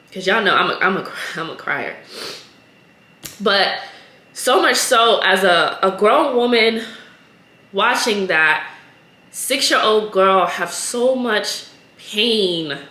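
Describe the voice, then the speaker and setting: A woman's voice: mid-range voice, bright, forceful tone, echoey room. A woman hosting a podcast on her own, telling a story in an earnest, emotional, casual way. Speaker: podcast host. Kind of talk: casual solo podcast talk.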